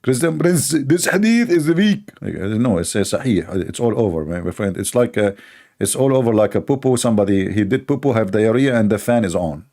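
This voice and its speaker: A man's voice: fairly low pitch, fairly quick, mellow. A man hosting a mocking commentary show, sarcastic and chuckling at his own jokes. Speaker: show host.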